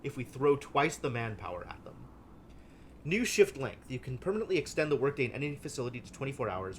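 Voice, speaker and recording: A man streaming a strategy game live, thinking aloud with wry deadpan asides. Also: mid-range voice, fairly quick, a little hiss or hum. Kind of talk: live gameplay commentary.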